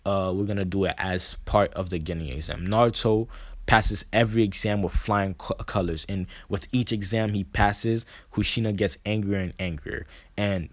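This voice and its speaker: A man casually retelling a fan story, halting with many fillers and restarts. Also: lowish voice, steady tone, no echo.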